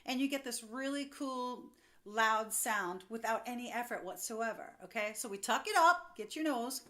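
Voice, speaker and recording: A woman's voice: a little high, lively intonation. A young woman giving a singing lesson, upbeat and chatty, explaining as she goes. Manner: upbeat, explains with quick demos and laughs. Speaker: vocal coach.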